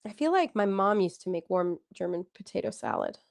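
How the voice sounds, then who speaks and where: A woman's voice: medium pitch, very animated, fairly quick, creaky, a little mellow. A woman hosting a casual livestream, chatting and encouraging viewers as she reads out their comments. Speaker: livestream host.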